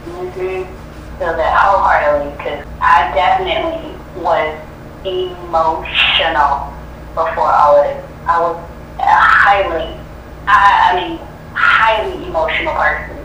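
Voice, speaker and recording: A woman's voice: fairly low pitch, animated, unhurried. A woman on a live tarot reading, agreeable and repeating her points as she talks. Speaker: caller getting a reading. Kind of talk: live call-in chat. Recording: distant echoey call line with faint noise.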